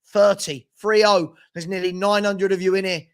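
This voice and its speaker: High-voiced man hosting a live stream. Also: fairly even intonation, moderate pace, smooth. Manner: chatty, reads out viewer comments. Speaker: watchalong host. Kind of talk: casual live-stream chat.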